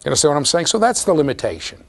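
A man teaching a university class in a classroom, his voice sitting a little high for a man and swinging widely up and down. He is animated, keeps checking that students follow along, and often repeats his words as he goes. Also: very fast, creaky. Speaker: university lecturer. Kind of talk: classroom lecture.

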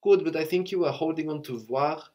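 A man's voice: on the high side, fairly quick, darkish tone. A man teaching a language lesson, explaining step by step in a patient way and often checking in with a questioning "no?".

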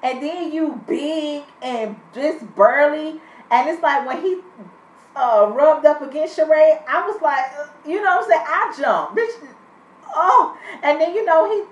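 A high-pitched woman gives a blunt, casual, profanity-filled recap of a reality show episode, sassy and expressive at a moderate pace. Her voice sounds distant and muffled in an echoey room.

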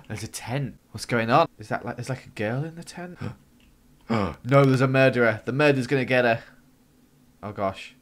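A young man giving excitable let's-play commentary, gasping and squealing when startled. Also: medium pitch, moderate pace. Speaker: gaming YouTuber.

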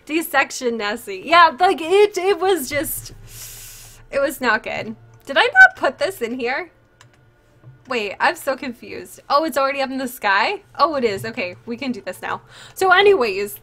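Bright-voiced young woman streamer, chatty. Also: high-pitched. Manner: chatty, full of fillers, breaks off to answer chat. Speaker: livestreamer. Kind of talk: casual storytelling on a livestream.

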